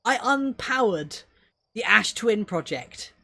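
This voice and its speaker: A woman's voice: medium pitch, expressive, slow pace, gravelly, pushed and bright. A young woman streaming a video game live, talking to herself as she plays and swearing freely. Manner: swears freely, talks to herself while playing. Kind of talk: live gameplay commentary.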